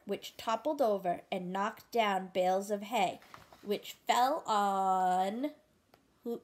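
Slow, gentle woman reading a picture book. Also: mid-range voice. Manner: gentle, asks the listener questions. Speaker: storybook reader.

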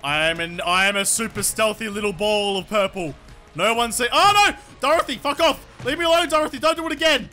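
A young man commentating a brawling game, loud and excitable, yelling and swearing a lot. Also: sits high, brisk, faint music behind. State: sore throat from yelling. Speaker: gaming YouTuber. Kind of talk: let's play commentary. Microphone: desk microphone.

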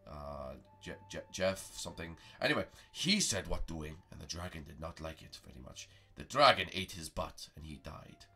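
A man's voice: a bass voice, expressive, moderate pace, few pauses, pushed and bright, voice pushed down, exaggerated voice. A man voicing a pompous old male mystic master who speaks in a grand, archaic way in a role-play comedy. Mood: grave.

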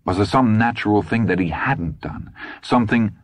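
A man narrating an audiobook in a measured, tense storytelling manner. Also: fairly low pitch, dry recording.

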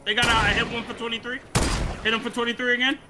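A man chatting with friends during an online game, excited and exclaiming a lot. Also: very high-pitched, quick pace. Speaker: gamer. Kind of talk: casual game chat. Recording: loud crowd noise behind.

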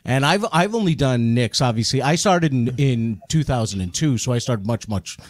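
Relaxed male co-host, dry close sound. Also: mid-range voice, moderate pace, dry recording. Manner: asks questions, relaxed. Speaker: podcast co-host. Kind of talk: casual interview chat.

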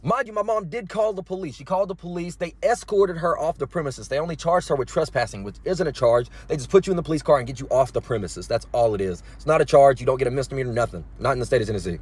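A young man telling a story to camera in a casual, animated way, full of slang and nervous laughter. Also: a little high, quick pace, husky. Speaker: TikTok storyteller.

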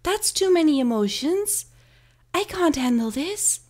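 Giggly high-voiced woman streamer. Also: animated, unhurried, a little mellow. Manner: giggly, flustered, apologetic. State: sick. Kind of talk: casual live-stream chat while gaming. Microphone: close desk mic.

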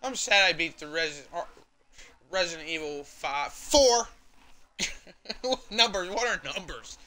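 Male gaming streamer, high cutting voice, loose rambling commentary full of restarts. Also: lively intonation, bright, forceful tone. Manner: rambling, halting, lots of fillers and restarts. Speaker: gaming livestreamer. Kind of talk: casual gameplay commentary.

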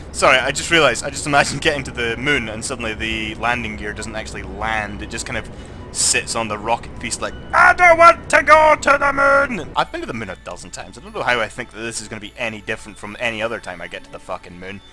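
Drunk Scottish man rambling over gameplay. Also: mid-range voice. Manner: rambling, excitable, swears a lot. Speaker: gaming channel host. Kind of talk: let's play commentary.

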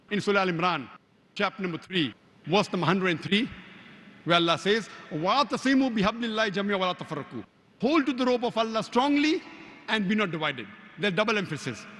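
Man, high-pitched lecturer, emphatic, quotes verses by chapter and number, rapid Arabic recitation, long hall reverb. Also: lively intonation, a bit bright. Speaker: Islamic preacher. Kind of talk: religious lecture.

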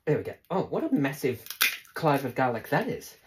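A woman's voice: very deep voice, very animated, moderate pace, a little mellow. A woman, chatty and laughing often as she demonstrates cooking to viewers, now and then breaking into sing-song.

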